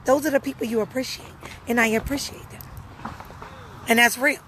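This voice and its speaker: A woman's voice: fairly high pitch, steady tone, brisk, a bit bright, slight background noise, poor audio. Earnest woman talking straight to viewers. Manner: earnest, repeats phrases for emphasis. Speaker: live streamer answering viewers. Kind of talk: casual personal talk.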